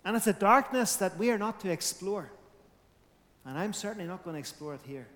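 A man's voice: high voice, expressive, a little fast, fairly bright tone, big-room sound. A man preaching a sermon, emphatic, his volume rising and falling.

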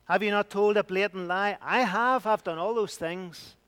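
Resonant preacher, high and emphatic. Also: male voice, normal speed, clear, resonant tone. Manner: emphatic preaching, swinging from loud to hushed. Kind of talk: sermon.

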